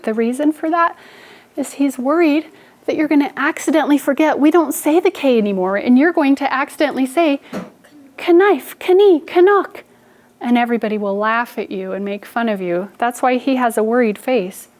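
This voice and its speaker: A slow-enunciating woman teacher. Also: high voice. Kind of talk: classroom phonics instruction. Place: classroom.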